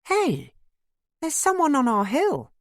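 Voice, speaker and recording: An excitable young wife from an audiobook, as a reader voices her, pitched well up, loud and eager. Her lines come out bright and bursting, set against dry, close narration. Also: quick pace, no echo. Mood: excited, playful. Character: excitable, self-conscious young wife newly moved to the country. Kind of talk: audiobook character voice.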